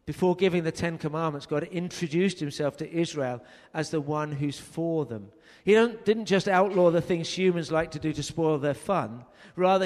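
Man, sermon, earnest storytelling, long reverb. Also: on the high side. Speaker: preacher.

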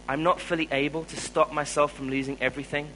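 A man with a South African accent preaching a sermon, telling a personal story in an earnest way and growing louder when he stresses a point. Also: a little high, flat delivery, fast, slight background noise, low-quality recording.

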